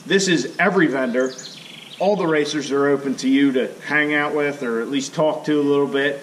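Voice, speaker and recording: A man's voice: fairly high pitch, a little fast, a little hiss or hum. A man, a young adult, casually recapping an event for his vlog, rambling with lots of "um" and "you know". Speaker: vlogger.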